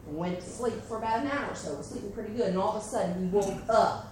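A woman telling a folk tale at a festival, slow and dramatic with hushed suspense, recorded at a distance in an echoey, noisy space. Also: mid-range voice. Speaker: storyteller. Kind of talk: live folk storytelling. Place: festival stage.

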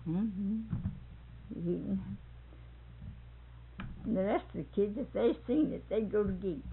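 A woman's voice: mid-range voice, a little slow, gravelly, a little hiss or hum. An older woman telling family stories, laughing often as she talks. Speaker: storyteller recalling family life. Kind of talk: casual oral history. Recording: tinny phone-like old tape.

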